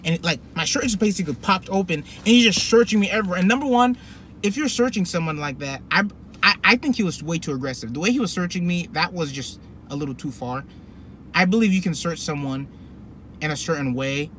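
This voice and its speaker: A young man telling a personal story to camera in a rambling, animated way, full of fillers and restarts. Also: high-pitched, a little fast, a little hiss or hum. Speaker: vlogger. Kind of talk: casual storytelling.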